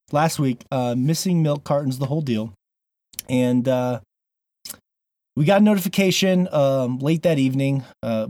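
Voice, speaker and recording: A man's voice: medium pitch, a little mellow, no echo, clean studio sound. A man hosting a gaming podcast, opening the show in a playful, jokey way with lots of fillers. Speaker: podcast host. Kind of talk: casual podcast intro.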